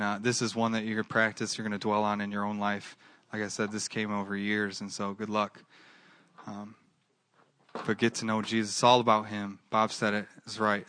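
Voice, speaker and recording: A man's voice: on the low side, fairly bright tone, no echo. A man preaching a sermon with an earnest, repetitive cadence, then leading a closing prayer. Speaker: pastor.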